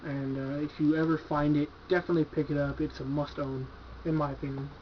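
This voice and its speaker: Man, casual movie review, slightly high voice, laid-back, swears a lot, dull lo-fi home recording. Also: level tone, a little fast, slight background noise. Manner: laid-back, profane, enthusiastic, filler-heavy. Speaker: horror movie collector reviewing his purchases.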